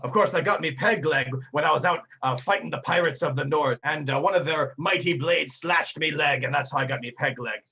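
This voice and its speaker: A man voicing a gruff one-eyed old ship's first mate with a hook and peg leg, who talks in rough seafaring dialect. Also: fairly high pitch, brisk, hardly any pauses, sharp tone, highs cut off, heavily acted. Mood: boastful yarn.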